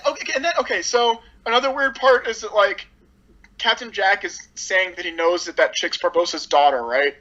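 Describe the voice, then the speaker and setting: Blunt, sarcastic woman reviewer with a bright voice, casual and loose; slightly dull recording. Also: medium pitch, moderate pace. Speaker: movie reviewer.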